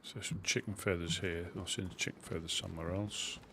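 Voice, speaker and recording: A man's voice: deep voice, fairly even intonation, a little fast, noisy background. A man with a Suffolk accent chatting casually while streaming a game, muttering to himself as he sorts his gear. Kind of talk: casual live-stream commentary.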